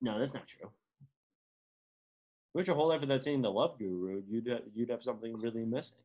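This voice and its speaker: A man's voice: a little mellow, highs cut off. A man co-hosting a casual movie podcast, ranting with sarcastic exasperation and swearing. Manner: rapid pitch swings, sarcastic. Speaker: podcast co-host. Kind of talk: casual movie-review chat.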